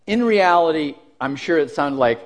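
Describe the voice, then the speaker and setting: Man, pastor, high voice, sermon storytelling, animated, self-mocking, laughing while telling. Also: normal speed.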